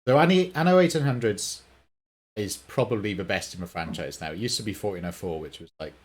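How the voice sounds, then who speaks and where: A man's voice: fairly low pitch, brisk. A man co-hosting a casual gaming podcast, enthusiastic and rambling, with many fillers. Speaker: podcast co-host.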